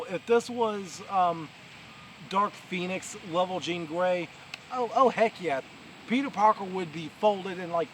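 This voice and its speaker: A man with a New York accent giving a casual, rambling spoken review outdoors, with many fillers and restarts, talking over distant heavy machinery. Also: a little high. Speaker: vlogger. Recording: outdoor recording with loud machinery noise. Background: distant heavy machinery and traffic.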